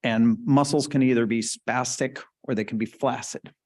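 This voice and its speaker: A man lectures at a conference, explaining clinical terms in a relaxed, conversational way. He keeps checking in with the audience as he clicks through slides. His voice sits at an ordinary middle pitch. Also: normal speed. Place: conference hall.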